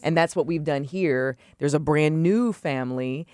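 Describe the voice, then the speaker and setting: A woman, an actress guesting on a talk show, talking effusively and praising with lively slang. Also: low-pitched, moderate pace, clear, resonant tone, no room sound, clean studio sound. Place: TV studio.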